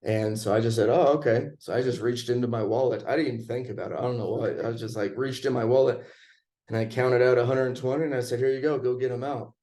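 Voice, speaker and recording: Laid-back man telling a story, mellow voice. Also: mid-range voice, steady tone, fast talker. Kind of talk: casual storytelling chat.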